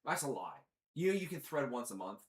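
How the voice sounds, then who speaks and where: A man's voice: mid-range voice, big pitch swings, a little fast. A man hosting a podcast, chatting casually and telling rambling, profane stories. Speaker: podcast host. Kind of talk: casual chat. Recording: roomy echo.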